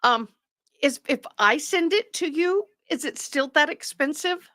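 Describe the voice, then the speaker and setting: A woman's voice: high-pitched, lively intonation, measured pace, sharp tone, no echo, studio quality. A tired woman hosting a livestream, chatting casually and rambling with her viewers. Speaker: livestream host. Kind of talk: casual chat with live viewers.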